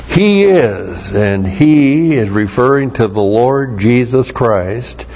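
A male preacher teaching from the Bible at a very slow, deliberate pace. He stops to spell out Greek words letter by letter and repeats his key points. His voice has a mid-range pitch, and the recording sounds dull and lo-fi. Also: lively intonation, gravelly, darkish tone, a little hiss or hum. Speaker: pastor. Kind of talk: expository Bible teaching sermon.

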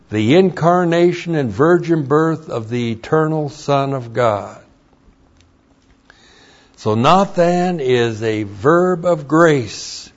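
Male Bible teacher, slow and deliberate, mid-pitched, muffled lo-fi recording. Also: animated. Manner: slow, deliberate, spells out Hebrew words letter by letter. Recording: dull lo-fi recording.

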